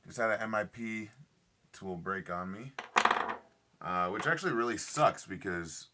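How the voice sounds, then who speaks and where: A man's voice: fairly low pitch, measured pace, pushed and bright, slight background noise. Frustrated man tinkering while live streaming. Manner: frustrated muttering, talks to chat viewers. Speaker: RC hobby livestream host. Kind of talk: casual live-stream chat while working on a model truck.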